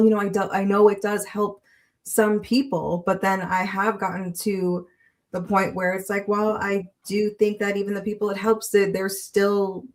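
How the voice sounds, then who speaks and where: A woman co-hosting a casual live-stream chat, talking freely as she loses her voice. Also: medium pitch. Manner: chatty, reads viewer comments aloud. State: losing her voice. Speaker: podcast co-host.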